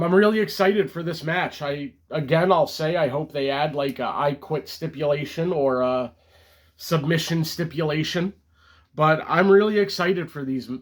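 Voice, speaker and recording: A man giving a casual, enthusiastic recap of a wrestling show, talking off the cuff with frequent ums and restarts. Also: fairly high pitch.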